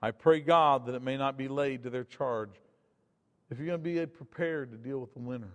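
A man preaching a sermon with dynamic delivery, swinging from loud emphatic bursts to quiet, low asides. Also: unhurried, big-room sound.

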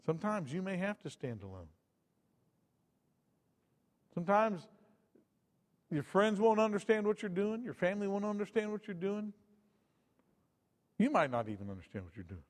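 A man preaching a sermon with dynamic delivery, swinging from loud emphatic bursts to quiet, low asides. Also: animated, moderate pace, long pauses, long reverb tail.

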